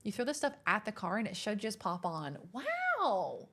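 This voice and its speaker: A woman's voice: medium pitch, fairly quick. Chatty young woman streamer. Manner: chatty, reading chat aloud, easily rattled and excitable. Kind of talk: casual chat with stream chat while gaming.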